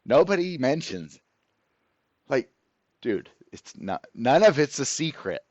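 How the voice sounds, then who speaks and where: A man's voice: mid-range voice, sing-song, slow, a little mellow, no echo. An exasperated man vents to his viewers, swearing and sneering as he goes. His voice swoops up and down with a lot of movement. It comes through a dry, dull, lo-fi recording with no room sound. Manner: profane, sarcastic, exasperated. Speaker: channel host. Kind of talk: ranting to camera.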